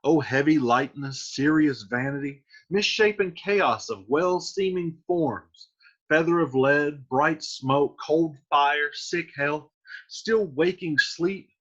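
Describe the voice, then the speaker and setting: A lovesick young Romeo, brooding and dramatic, declaims his verse, as a man reads him aloud. The voice is bright and a little husky, higher than most men's. The recording sounds dull and lo-fi. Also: lively intonation, slow pace, exaggerated voice. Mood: anguished.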